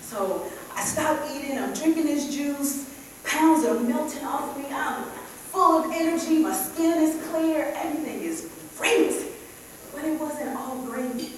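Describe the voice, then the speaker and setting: A woman's voice: high-pitched, lively intonation, unhurried. A woman in her thirties giving a humorous speech on stage, telling her story with animation and laughing at her own jokes. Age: 30s. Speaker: contest speaker. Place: large hall, on stage. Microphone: far camera. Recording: echoey hall from far off, audience noise.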